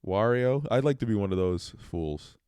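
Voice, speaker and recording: A man's voice: lowish voice, expressive, normal speed, smooth, dry recording. A man co-hosting a comedy podcast, rambling through stories with frequent laughs. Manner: rambling, laughing, doing loud impressions. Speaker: podcast co-host. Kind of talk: casual comedy chat.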